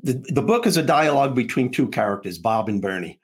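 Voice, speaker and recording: A man with a slightly rough, husky voice, talking as a guest in an interview. He tells a story with comic timing and jumps in and out of the voices of the people in it, laughing along the way. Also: medium pitch, expressive, fast. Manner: acts out dialogue between characters, laughing often. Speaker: guest author and comedian.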